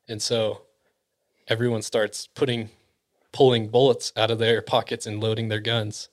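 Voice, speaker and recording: A man casually telling a spooky story among friends, acting out the quoted voices and often dropping to a hushed near-whisper. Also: fairly low pitch, little pitch movement, normal speed.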